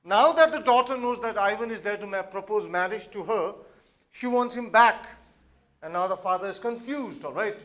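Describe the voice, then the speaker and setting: A man's voice: sits high, moderate pace, fairly bright tone. A man with an Indian English accent, teaching and explaining a play to his students, checking in with "all right?".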